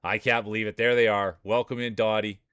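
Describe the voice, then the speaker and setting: A man's voice: lowish voice, little pitch movement, a little fast, fairly bright tone, smooth, no echo. A man streaming live, commentating marble races in a chatty way and greeting viewers by name. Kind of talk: play-by-play commentary.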